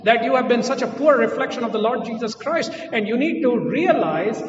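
A high-pitched male pastor preaches with earnest insistence, hammering his points home by repeating them. He is heard from a distance in a large, echoing hall. The sound is slightly muffled, with faint room noise behind him. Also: animated, normal speed. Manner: earnest, repeats key phrases for emphasis. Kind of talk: sermon. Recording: distant mic in a reverberant hall.

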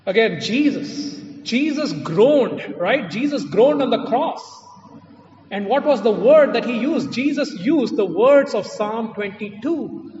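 A man's voice: extremely high pitch, animated, takes it slowly, darkish tone, slight background noise. A man preaching a sermon in a church, emphatic and repeating his key phrases. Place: church hall. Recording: distant echoey hall, muffled.

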